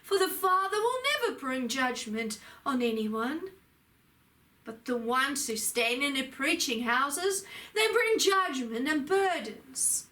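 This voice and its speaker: A woman channeling a spiritual message in a slow, solemn preaching delivery with emphatic rises. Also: high voice, animated, bright, forceful tone, far from the mic. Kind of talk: channeled sermon.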